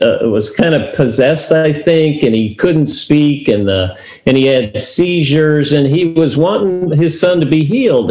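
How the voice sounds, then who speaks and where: A man's voice: a little high, darkish tone. Man teaching scripture in a roomy space. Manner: storytelling, reads scripture aloud and paraphrases it. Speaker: co-host of a faith talk show. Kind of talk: conversational Bible teaching. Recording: roomy echo.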